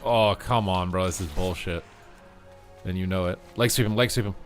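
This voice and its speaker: Man gamer, lowish bright voice, loose jokey commentary, faint music under it. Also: moderate pace. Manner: jokey, swears, chatty asides to viewers. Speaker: game streamer. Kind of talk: casual live gameplay commentary.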